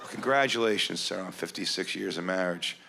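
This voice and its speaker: Man doing crowd work, loud club laughter. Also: low-pitched, a little fast, gravelly, very noisy. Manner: teasing, bantering with the audience. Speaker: stand-up comedian. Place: comedy club stage.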